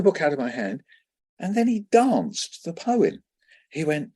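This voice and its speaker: A man in his seventies from England, a children's poet guest telling lively anecdotes in an interview and acting out the voices in them. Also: fairly high pitch, measured pace, breathy edge. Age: 70s. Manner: lively anecdotal storyteller who acts out voices. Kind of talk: conversational storytelling interview.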